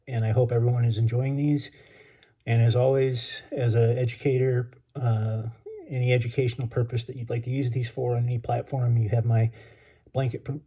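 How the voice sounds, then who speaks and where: A man, an author and educator, reading a chapter of his novel aloud in a relaxed, casual way. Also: medium pitch.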